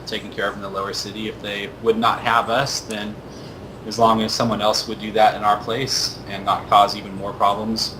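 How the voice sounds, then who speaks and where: A man voicing a calm male paladin official who speaks in a measured, diplomatic, reassuring way. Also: fairly low pitch, noisy background, lightly acted.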